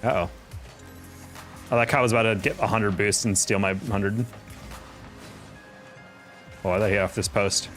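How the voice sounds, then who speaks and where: A young man with a fairly low voice talks through a live game stream. He rambles casually and reacts to chat as he plays, with faint music underneath. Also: steady tone, moderate pace, long pauses, a bit bright.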